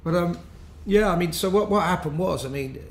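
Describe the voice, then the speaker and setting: A man's voice: high-pitched, brisk. Rambling storyteller man. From London. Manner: rambling, laughing, full of restarts. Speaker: musician, interview guest. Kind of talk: casual anecdotal storytelling. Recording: roomy with faint background noise.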